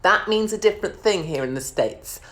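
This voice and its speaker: A woman's voice: mid-range voice, animated, normal speed, a bit bright. A middle-aged woman hosting her own show, delivering a brash, mocking comedic monologue to camera, swearing casually and calling her viewers darlings. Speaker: show host.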